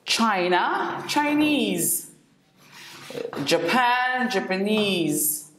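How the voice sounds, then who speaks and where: Woman English teacher, deliberate and repetitive; roomy recording with faint hiss. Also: mid-range voice, big pitch swings, a bit bright. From not from Senegal. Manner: slow, repeats each word for drilling. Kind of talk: classroom lesson. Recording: echoey room, faint noise.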